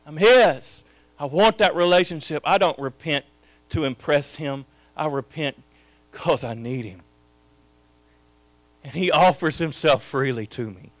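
A man preaching a sermon as pastor, his delivery swinging between hushed, intimate lines and loud, impassioned proclamations. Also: fairly high pitch, measured pace, long pauses, no echo.

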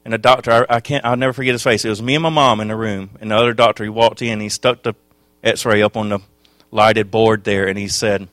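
A man preaching a sermon, telling his own testimony with passion, dropping to a hush and then rising loud. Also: fairly low pitch, steady tone, fast talker, no room sound. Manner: impassioned, swings from hushed to loud.

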